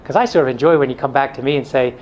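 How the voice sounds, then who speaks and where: A man's voice: mid-range voice, rapid-fire, a little mellow, dull audio, a little hiss or hum. A middle-aged male pastor giving a blunt, joking talk to a men's group, now and then mimicking excuses in a whiny voice.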